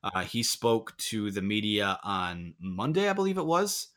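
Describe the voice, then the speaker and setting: A man's voice: fairly low pitch, very animated, measured pace, fairly bright tone. A man hosting a casual sports podcast over a remote call, rambling and correcting himself with joking asides. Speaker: podcast host.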